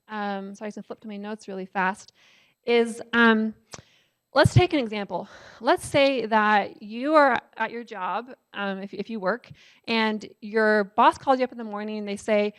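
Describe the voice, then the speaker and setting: A woman's voice: a little high, moderate pace, a bit bright, clear, resonant tone. A woman giving a public lecture in a conversational way, often checking with the audience and using filler words. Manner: conversational, asks the audience "right?"; frequent "um" fillers.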